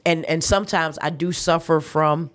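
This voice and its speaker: Lively lower-voiced woman telling a story. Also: normal speed. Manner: animated, laughing, acts out quoted voices; faith-filled, emphatic retelling. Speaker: guest chef. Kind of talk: casual storytelling interview.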